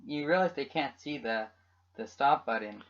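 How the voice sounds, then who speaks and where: Teasing deadpan man, lo-fi podcast. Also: medium pitch, normal speed. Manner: teasing, deadpan absurd jokes. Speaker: podcast co-host. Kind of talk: casual joking chat. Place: home room at a computer. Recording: dull lo-fi home computer mic.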